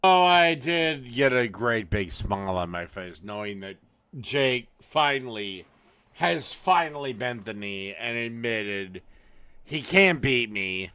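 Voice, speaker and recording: Smug, lively, bright-voiced man. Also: mid-range voice, takes it slowly, clean tone, no room sound. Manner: smug, taunting. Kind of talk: taunting commentary.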